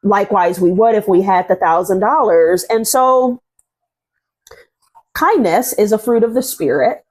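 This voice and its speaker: A woman's voice: mid-range voice, a little slow, a little mellow. A woman hosting a casual interview about faith, telling stories earnestly with many fillers. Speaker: host.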